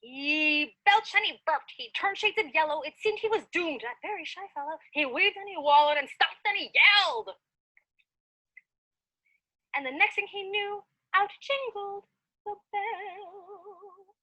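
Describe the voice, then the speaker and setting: A woman reading a rhyming picture book aloud in a sing-song, expressive rhythm. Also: very high-pitched, normal speed, no room sound, poor audio. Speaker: storytime reader.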